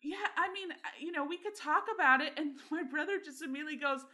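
A woman co-hosting a podcast, blunt and animated, telling stories and acting out quotes in a high voice. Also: fast talker. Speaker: podcast co-host. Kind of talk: casual chat, storytelling.

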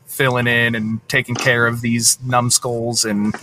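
A man's voice: medium pitch, level tone, unhurried, background noise. A man co-hosting a podcast, rambling casually with lots of fillers. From United States. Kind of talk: casual chat.

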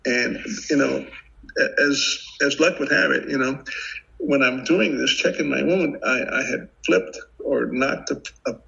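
A gravelly older man with a bright, forceful edge recounts a harrowing story, animated and vivid, stumbling over restarts as he relives it. The audio is dull and lo-fi. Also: mid-range voice, measured pace. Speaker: podcast guest, retired FBI agent. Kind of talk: casual storytelling interview.

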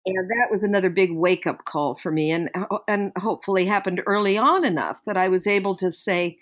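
A woman's voice: mid-range voice, brisk. An older woman, a guest on a parenting podcast, telling stories in an earnest, reflective way. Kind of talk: podcast interview.

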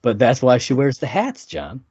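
A man's voice: medium pitch, wildly swooping pitch, normal speed, a little mellow, breathy edge, no echo, highs cut off. A man co-hosting a podcast, chatting casually and joking about a TV show. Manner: laid-back, laughs often, joking. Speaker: podcast co-host. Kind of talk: casual chat recapping a TV show.

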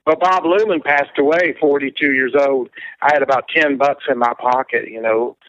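A man's voice: medium pitch, fairly even intonation, normal speed, a bit bright, lo-fi sound. A man as a guest in an interview, telling long rambling anecdotes and acting out what others said. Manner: rambling anecdotal storyteller, acts out quoted voices. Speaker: guest musician. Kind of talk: casual storytelling interview.

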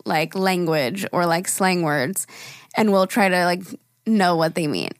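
A young woman with a raspy voice co-hosting a podcast in casual chat, peppering her talk with "like". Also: fairly low pitch, unhurried, no echo, clean studio sound. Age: young adult. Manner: chatty, lots of "like", swears casually. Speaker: podcast co-host.

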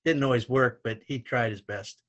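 An older man, a retired basketball coach, telling lively anecdotes in a conversation, his voice rising when he retells shouting matches. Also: medium pitch, normal speed, muffled recording. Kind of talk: storytelling in conversation.

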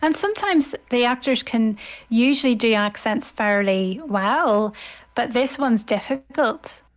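A woman's voice: on the high side, lively intonation, a little slow. Chatty Irish woman, posh phone voice. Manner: toned-down posh telephone voice, chatty with fillers. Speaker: guest scholar. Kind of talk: podcast conversation.

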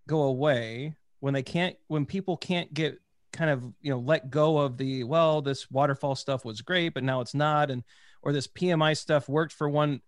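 A man's voice: a little high, no echo. Enthusiastic man host, dry close sound. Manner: rambling, many restarts, enthusiastic. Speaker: podcast host. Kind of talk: casual interview.

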